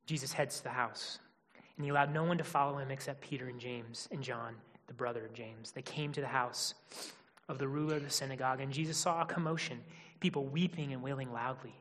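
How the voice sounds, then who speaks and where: A man preaching a sermon as pastor, dropping to hushed near-whispers and rising to loud, emphatic stresses. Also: mid-range voice, fairly even intonation, brisk, big-room sound.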